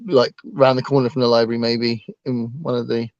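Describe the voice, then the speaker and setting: A man's voice: mid-range voice, flat delivery, fairly quick, a little mellow, lo-fi sound. A man co-hosting a casual book livestream, talking hesitantly with lots of ums and restarts. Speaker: book channel co-host.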